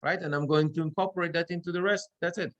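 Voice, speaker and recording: A male cantor teaching a class how to read the Torah, explaining the marks and then chanting verses in drawn-out cantillation. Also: fairly high pitch, steady tone, fairly bright tone, highs cut off. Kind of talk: class instruction with chanted examples. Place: synagogue classroom.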